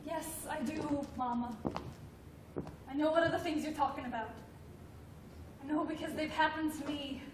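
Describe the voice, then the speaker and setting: A woman's voice: high-pitched, normal speed, long pauses, natural voice. An actress playing a childlike, anxious grown woman who talks earnestly and stammers when upset. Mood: pleading. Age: adult. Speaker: grandmother's grown daughter. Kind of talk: film drama acting. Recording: roomy, distant film sound, faint noise.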